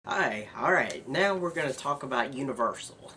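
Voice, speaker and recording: A man's voice: mid-range voice, lively intonation, moderate pace, pushed and bright, a little hiss or hum. A man hosting his own news vlog, rambling and earnest with bursts of announcer-style hype. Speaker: show host.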